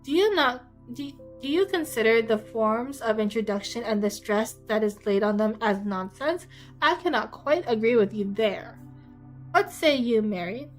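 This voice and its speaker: A woman voicing a dry, teasing older gentleman, speaking in a wry, unhurried way. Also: on the high side, lively intonation, faint music behind, lightly acted, low-quality recording.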